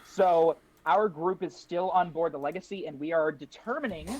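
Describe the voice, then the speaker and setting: A talkative man playing a tabletop game over a voice call, voice a little higher than most men's. He recaps at length and keeps the chat moving. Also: moderate pace, a little mellow, soft background music. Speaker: player.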